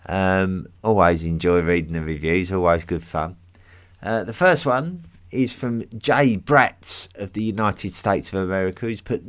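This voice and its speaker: A man's voice: low voice, a little slow, no echo, clean studio sound. An English man hosting a history podcast, chatting casually through listener mail with plenty of ums, restarts and self-deprecating asides.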